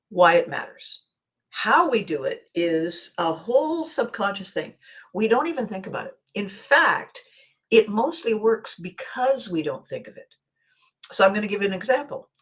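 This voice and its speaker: A woman's voice: on the low side, poor audio. Chatty woman host who laughs easily. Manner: chatty, laughs often, restarts sentences. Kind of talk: casual livestream chat.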